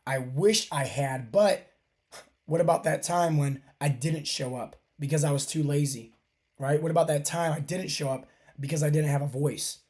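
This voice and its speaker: A man in his thirties with a hoarse, scratchy voice from a sore throat, hosting a podcast as a fat loss coach and giving an emphatic, preachy motivational monologue that keeps repeating its key phrases. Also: a little high, a little mellow.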